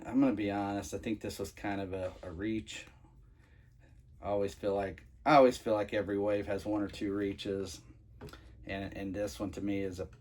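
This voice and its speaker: A man's voice: lowish voice, slight background noise. A man casually reviewing toys he is unboxing, rambling with many fillers and restarts. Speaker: toy reviewer.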